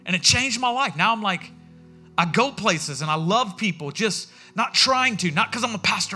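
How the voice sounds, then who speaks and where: A man preaching a sermon as pastor in a church, telling stories in a lively way and acting out what people said. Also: high-pitched, normal speed, soft background music. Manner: animated storytelling, acting out quotes.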